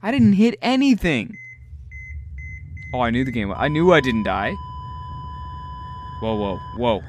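A young man giving live gameplay commentary, talking to himself, excitable and swearing often. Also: mid-range voice, a little slow, slight background noise. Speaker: gaming video host.

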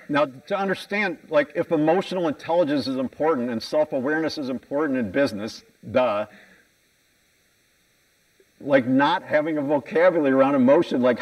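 This is a medium-pitched American man giving a keynote on a conference stage, self-deprecating and candid, asking listeners questions. The sound is rough, picked up by a far-off microphone.

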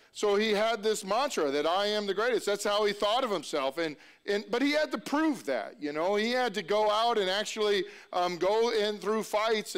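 A man preaching in a relaxed, conversational way, stumbling over restarts and tossing rhetorical questions to his listeners. His voice sits high for a man and rings smooth and clear. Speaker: pastor. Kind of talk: sermon.

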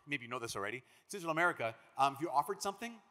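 A man from Minnesota, a priest giving a conference talk, an animated storyteller who acts out the quotes he tells. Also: medium pitch, racing. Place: large conference hall. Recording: long reverb of a big hall.

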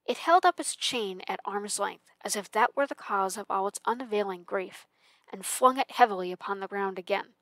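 A woman reading a classic story aloud for a library, with calm, measured narration. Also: mid-range voice, dry recording. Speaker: library reader.

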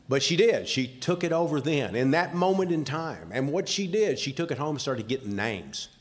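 A man's voice: fairly high pitch, sing-song, moderate pace, slight background noise. Older Southern man at a podium, folksy and plainspoken, voice ringing through a big reverberant hall. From Southern United States. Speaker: award recipient speaking for his wife. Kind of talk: speech at an awards ceremony. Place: large convention hall.

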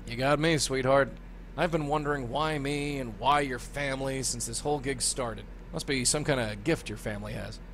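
A man's voice: mid-range voice, moderate pace, a bit bright, slight background noise, lightly acted. An actor voicing a wisecracking 1930s male ghost guide in a video game, with tough-guy patter and a New York accent.

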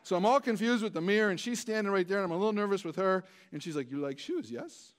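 A man's voice: high-pitched, rapid-fire, clean tone. A male pastor preaching a storytelling sermon in a conversational, self-deprecating way, with many stammered restarts.

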